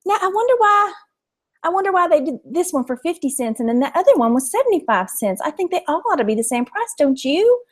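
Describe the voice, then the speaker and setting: A woman's voice: very high voice, big pitch swings, fast talker, voice pushed up. A woman voicing a sweet, chatty charity shop clerk with a thick East Texas Southern accent, rambling in a friendly drawl.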